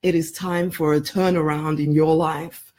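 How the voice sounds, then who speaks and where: A woman's voice: deep voice, flat delivery, a little slow, darkish tone. Woman coaching to camera, keeps saying honey, repeats herself for emphasis, laughs a lot. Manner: emphatic, repeats key phrases, calls listener honey; laughs often between phrases. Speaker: life coach. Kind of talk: promotional live video talk.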